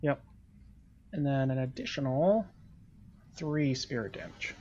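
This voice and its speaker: A man's voice: medium pitch, expressive, unhurried, darkish tone, highs cut off. A man running a tabletop game as game master, explaining rules and results with hedges and fillers.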